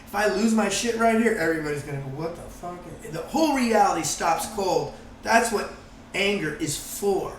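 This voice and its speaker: A man talking in a casual group conversation, animated and swearing freely as he acts out quotes. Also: high voice, moderate pace, reverberant, recorded from a distance, a little hiss or hum, poor audio. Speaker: guest, course founder.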